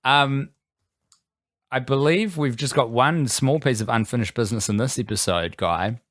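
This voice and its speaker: A man's voice: mid-range voice, normal speed, a bit bright, dry recording, clean studio sound. A man co-hosting a comedy podcast in casual chat, playful and mock-formal, laughing often. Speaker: podcast co-host.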